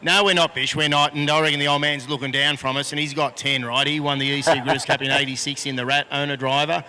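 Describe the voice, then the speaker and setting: Bright-voiced Australian race driver, flat delivery. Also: male voice, fairly high pitch, fast, slight background noise. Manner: frank, plainspoken. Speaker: boat racing driver. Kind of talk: post-race interview. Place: outdoors at a boat race venue. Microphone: handheld microphone.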